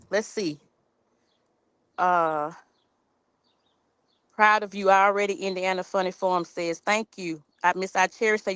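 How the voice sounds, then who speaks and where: A woman's voice: on the low side, fairly bright tone, no room sound. Woman chatting on a garden livestream, y'all this y'all that, reads out comments, dry close phone sound. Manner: chatty, reads viewer comments aloud, informal dialect with y'all. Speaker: gardening live-stream host. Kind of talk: casual live-stream chat. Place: outdoor backyard garden. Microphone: phone camera on a tripod.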